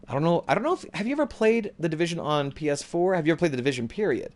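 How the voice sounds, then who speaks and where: A man's voice: a little high, animated, fairly quick, darkish tone. Rambling male gamer streaming from home. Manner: rambling, loose and self-correcting. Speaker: streamer playing a video game. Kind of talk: live gameplay commentary.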